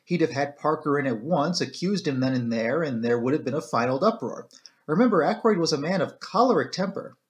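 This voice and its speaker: A man voicing a careful, hesitant doctor who speaks slowly and measuredly in an amateur audiobook reading. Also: fairly high pitch, lively intonation, close to an everyday voice.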